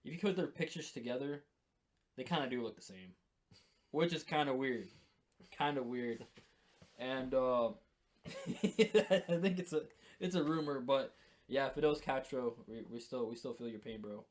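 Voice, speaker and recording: A man's voice: mid-range voice, unhurried. A man co-hosting a casual talk show, rambling and joking in slangy chat. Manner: rambling, jokey, slangy, acts out bits. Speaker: co-host.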